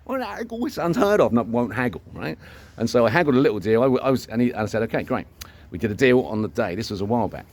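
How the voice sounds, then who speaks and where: A man's voice: mid-range voice, animated, quick pace. An older man tells a long, rambling story in a casual vlog, swearing freely and acting out the dialogue. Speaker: vlogger.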